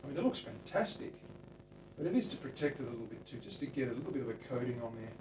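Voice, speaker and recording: A man's voice: medium pitch, animated, quick pace, noisy background. Chatty Australian man in an echoey workshop. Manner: chatty, talks to chat viewers by name while working. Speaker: luthier streaming live. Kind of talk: casual live-stream workshop talk. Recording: roomy workshop sound from a distant mic.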